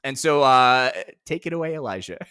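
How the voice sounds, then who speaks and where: A man co-hosts a casual gaming podcast with a bright, forceful voice that swings up and down a lot. He is enthusiastic and laughs often. The recording is dry and close. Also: mid-range voice, expressive, moderate pace, clear, resonant tone, no room sound. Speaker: podcast co-host.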